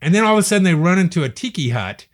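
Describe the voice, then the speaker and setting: Animated man laughing through casual movie chat. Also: high-pitched, racing. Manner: laughing, swearing, animated storytelling. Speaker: guest.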